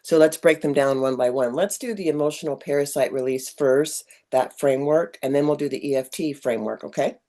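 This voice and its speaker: A middle-aged woman with a low, mellow voice leads a spiritual sharing session over a webcam. She rambles and digresses, filling pauses with ums. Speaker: workshop leader. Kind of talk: spiritual group talk.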